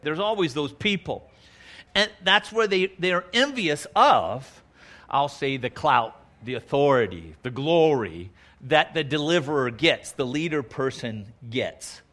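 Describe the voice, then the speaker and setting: A man's voice: a little high, expressive, measured pace, a bit bright. A man preaching a Bible sermon in a folksy, conversational way, saying y'all and acting out quoted speakers in a raised voice.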